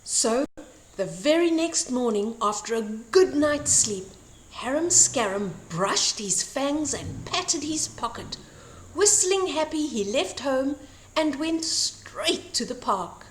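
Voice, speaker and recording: An older woman reads a children's bedtime story slowly and expressively. Her high voice rises and falls in a lively way, and the reading rings in a roomy, echoey room. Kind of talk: bedtime story read aloud. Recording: roomy echo.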